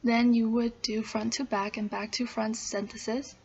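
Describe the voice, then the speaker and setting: Flat-voiced woman reading a class presentation. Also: fairly high pitch, normal speed, creaky, slight background noise. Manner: steady, listing steps in order. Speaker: student presenter. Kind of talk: read-aloud class presentation. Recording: dull lo-fi recording.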